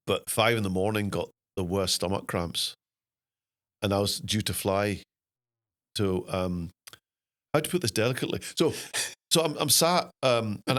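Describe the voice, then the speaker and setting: A middle-aged Scottish man, an actor guest, telling anecdotes in a self-deprecating, animated way. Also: fairly low pitch. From Scotland. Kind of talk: anecdotal storytelling.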